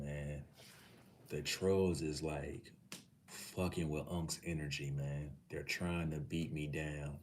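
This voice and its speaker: A middle-aged man from Texas hosting a livestream, talking casually with his chat, swearing freely and calling viewers nephew. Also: rumbling low. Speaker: livestream host.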